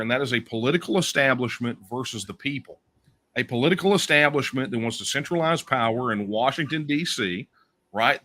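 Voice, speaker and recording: A man's voice: medium pitch, sharp tone. A man, speaking as an interview guest, making emphatic speech-like points and often tagging them with "right?". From Texas. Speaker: guest, secession campaigner. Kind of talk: political interview.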